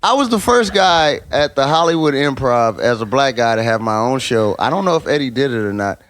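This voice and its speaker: A man's voice: mid-range voice, animated, brisk, fairly bright tone. A middle-aged man, a guest comedian, talking in casual podcast chat in an emphatic, profane way.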